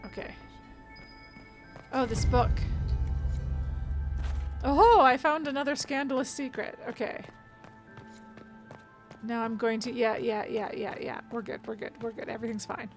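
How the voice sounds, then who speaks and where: High-pitched woman streamer rambling thru her game, lots of laughing, faint music behind. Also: fairly even intonation, a little slow, pauses often. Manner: chatty, self-narrating, laughs often. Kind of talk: casual let's-play commentary.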